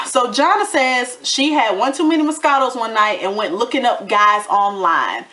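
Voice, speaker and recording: A woman's voice: fairly high pitch, normal speed. A woman giving a casual, sassy recap of a reality TV episode, acting out bits of what people said. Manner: animated, sassy commentary with acted-out quotes. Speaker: TV recap vlogger.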